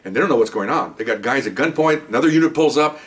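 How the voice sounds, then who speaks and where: Heard through a distant mic, an older man with a mid-range, fairly bright voice speaks at a quick pace with lively intonation. He's a retired cop telling stories conversationally, often pausing for an "okay?" and voicing the dialogue he quotes.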